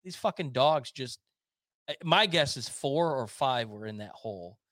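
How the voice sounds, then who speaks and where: A man's voice: mid-range voice, expressive, unhurried, a bit bright, dry recording. A man co-hosting a casual podcast, telling rambling stories full of fillers and restarts. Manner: rambling storyteller, many fillers and restarts, laughs often. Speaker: podcast co-host. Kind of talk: casual chat.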